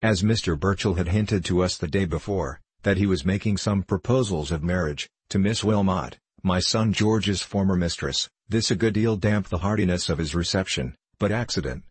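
A man reading a classic novel aloud as narrator, in a measured, even storytelling manner. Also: deep voice, slightly rough, dry recording.

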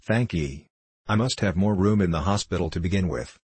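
A male narrator voicing a gruff, grim ship's surgeon in an audiobook. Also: deep voice, moderate pace, darkish tone, no room sound. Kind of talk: audiobook character voice.

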